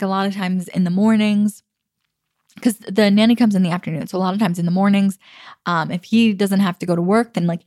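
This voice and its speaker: A woman's voice: mid-range voice, creaky, a little mellow, no echo, clean studio sound. Upbeat chatty woman podcaster. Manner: chatty and upbeat, laughs easily. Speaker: podcast host. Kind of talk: casual solo podcast talk. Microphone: computer recording.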